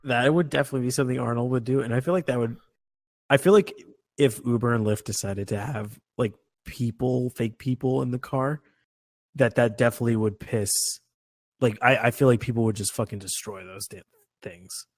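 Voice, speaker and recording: A man's voice: mid-range voice, fairly quick, a little mellow, no room sound, clean studio sound. A man co-hosting a casual movie podcast, joking and rambling with lots of filler words. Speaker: podcast co-host. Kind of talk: casual chat.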